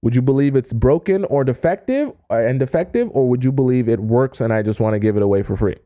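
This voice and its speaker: A man coaching his viewers on dating in a relaxed, conversational way, stressing his points and checking in with "okay?" as he goes. His voice has a warm, mellow tone. The recording is dry and close. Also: mid-range voice, fast talker, no echo. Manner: emphatic, keeps checking in with "okay?" and "right?". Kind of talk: casual advice talk to an online audience.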